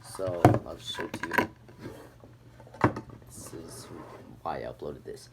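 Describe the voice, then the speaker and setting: Low-voiced man rambling through a demo. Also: unhurried, very noisy. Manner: rambling, filler-heavy, lots of "um" and "like". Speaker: hobbyist demonstrating a homemade gadget. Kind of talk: casual show-and-tell video.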